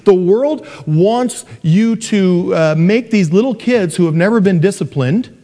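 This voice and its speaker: A middle-aged preacher man delivers a sermon with lively, joking energy. He slips into a soft sing-song voice when he mimics parents. His somewhat high voice carries a long, lingering hall echo. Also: unhurried. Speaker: pastor.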